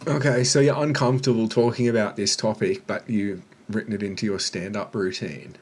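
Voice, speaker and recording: A man's voice: fairly low pitch, fairly even intonation, a little fast, breathy edge. Blunt, mocking man. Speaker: reaction video host. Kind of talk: sarcastic commentary.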